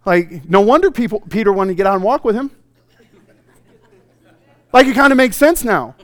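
A male pastor preaching a sermon, telling stories with animated swings from loud bursts to hushed, intimate passages. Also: high voice, moderate pace, no room sound.

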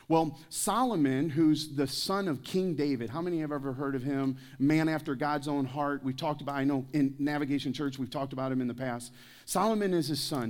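Pastor, male, slightly raised pitch; preaches through anecdotes and jokes, asks the room questions. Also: darkish tone. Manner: joking, anecdotal storytelling; addresses the congregation with questions. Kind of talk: sermon. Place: church service.

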